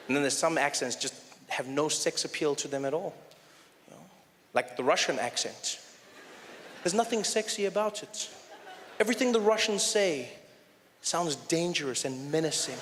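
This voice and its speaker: A man with a South African accent doing chatty, animated stand-up with a fairly high voice. He is recorded live in a large echoey hall, with loud audience noise around him. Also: moderate pace. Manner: chatty, animated, slips into impressions. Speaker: stand-up comedian.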